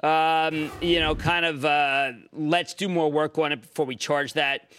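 An excitable man in his sixties with a Philadelphia-area accent, hosting a finance TV show, emphatic and given to shouting bursts. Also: on the high side, measured pace, slight background noise. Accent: Philadelphia-area American. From Pennsylvania. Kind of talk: energetic market commentary and call-in.

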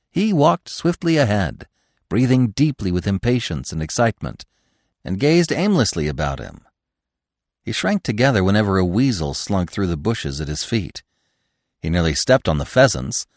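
Low-voiced, expressive male storyteller. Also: no room sound, studio quality. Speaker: narrator. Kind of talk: scripted storybook narration.

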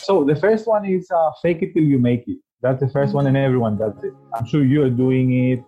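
Non-native english guy on a podcast, passionate, keeps restarting his sentences, husky, tinny phone sound. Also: medium pitch, brisk, soft background music. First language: not English. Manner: earnest, passionate, restarts phrases often. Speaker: podcast guest. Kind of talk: casual interview talk.

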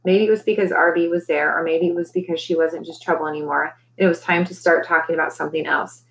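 A woman reading a children's novel aloud in a steady storytelling manner. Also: fast, rough recording. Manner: steady storytelling, lifting pitch for characters' lines. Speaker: reader. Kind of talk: read-aloud narration.

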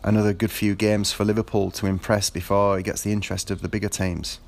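A man's voice: fairly low pitch, little pitch movement, fast, vocal fry. A man talking about his football team in a casual monologue, rambling with many fillers and restarts. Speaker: football fan.

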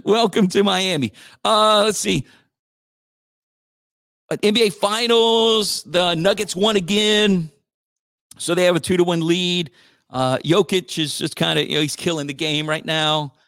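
A man's voice: sits high, fairly even intonation, unhurried, long pauses, fairly bright tone. A male radio host rambling through sports news in a slangy, casual chat. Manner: rambling, slangy, says dude a lot.

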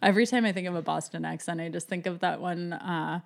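A woman's voice: on the low side, quick pace, creaky. A woman co-hosting a podcast, chatting casually and sarcastically about a TV episode and acting out lines from its scenes. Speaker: podcast co-host. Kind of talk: casual chat recapping a TV episode.

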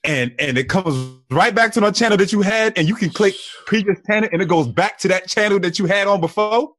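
A man speaking as a podcast guest, relaxed and teasing, drawing out his descriptions. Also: sits high, a little fast. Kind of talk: casual chat.

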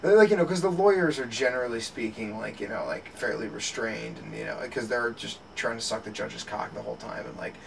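A man's voice: medium pitch, brisk, vocal fry, hardly any pauses. A man in casual podcast chat, rambling with many restarts and frequent laughter. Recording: distant mic with faint background noise.

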